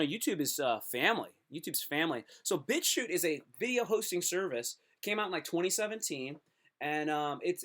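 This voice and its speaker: A man live-streaming comedy, rambling and joking, often repeating himself. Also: fairly high pitch.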